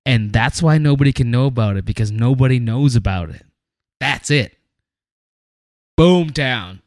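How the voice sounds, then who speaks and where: A man's voice: medium pitch, animated, moderate pace, darkish tone, no room sound, clean studio sound. A man co-hosting a podcast, laid-back and wry while laying out theories. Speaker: podcast co-host. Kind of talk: casual podcast chat.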